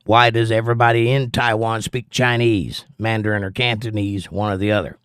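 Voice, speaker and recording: A man's voice: on the low side, steady tone, a little fast, a bit bright, clean tone, dry recording, clean studio sound. A man hosting a casual livestream, reading viewers' chat comments aloud and arguing back at them.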